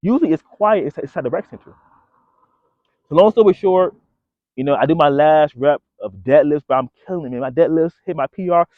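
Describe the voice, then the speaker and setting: A man's voice: on the high side, brisk, no echo. A man vlogging casually to his viewers, telling a story in a loose, slangy way and calling them bro and folks. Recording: dry phone-like audio.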